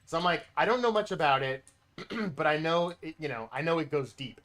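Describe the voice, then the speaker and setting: A man's voice: fairly high pitch, expressive, fairly quick, fairly bright tone. A man livestreaming a game, telling a story in a rambling, self-interrupting way and swearing casually. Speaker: livestreaming gamer. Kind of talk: casual storytelling while gaming.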